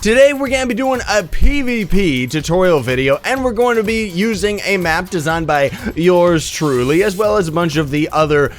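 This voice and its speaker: A young man with a rough, sick voice, hosting a gaming channel and explaining a game with upbeat, rambling talk. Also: high voice, expressive, moderate pace, few pauses, faint music behind. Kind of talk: let's play tutorial commentary.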